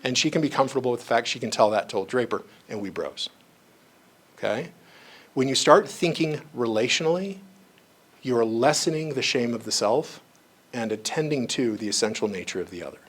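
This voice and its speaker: Man, training lecture, conversational, mid pitch, slips into voices for anecdotes. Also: expressive, a little fast, husky. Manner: conversational, acts out quoted voices in stories; frequent asides like "you know" and "right". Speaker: psychologist giving a staff training.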